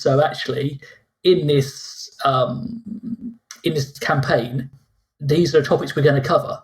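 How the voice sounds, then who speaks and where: A man's voice: a little high, fairly even intonation, unhurried. A man, co-host and game master, chatting casually on a podcast with frequent laughs and restarts.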